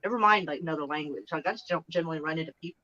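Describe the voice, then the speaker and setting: A woman's voice: low voice, racing, bright, forceful tone, lo-fi sound. A woman chatting casually on a live stream, frank and rambling, often trailing off and restarting her thoughts. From Oklahoma.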